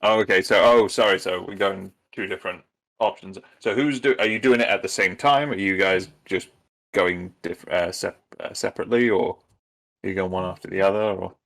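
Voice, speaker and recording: A man runs a tabletop role-playing session and narrates each scene for the players. His voice sits on the low side for a man. He keeps pausing and restarting, feeling his way through the description. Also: fairly even intonation, creaky, fairly bright tone. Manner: hesitant, many ums and restarts. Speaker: game master.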